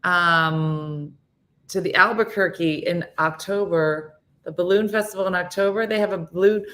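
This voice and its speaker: A woman's voice: on the low side, a bit bright. A middle-aged woman hosting a morning show, chatting in a casual, self-mocking way and acting out quotes. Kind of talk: casual comedic monologue chatting with live viewers.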